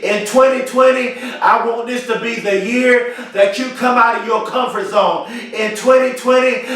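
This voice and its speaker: A man's voice: very high-pitched, a bit bright, very echoey, recorded from a distance. A man giving a motivational speech to camera, emphatic and repetitive, with a preacher-like rhythm. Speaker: motivational speaker.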